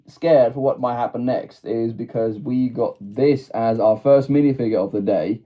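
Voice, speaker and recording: A man's voice: mid-range voice, highs cut off. A British man chatting casually on a live stream, laughing often and answering his chat as he goes.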